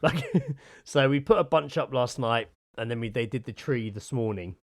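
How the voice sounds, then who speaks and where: Male co-host, mid pitch, sweary and animated storyteller, dry close mic. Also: normal speed, no echo. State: sore from gardening. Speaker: podcast co-host. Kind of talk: casual chat.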